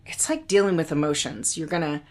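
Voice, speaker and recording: A woman with a very low voice, chatting casually on a podcast. She talks in an agreeable, conversational way. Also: fairly quick. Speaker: podcast co-host. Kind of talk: casual chat.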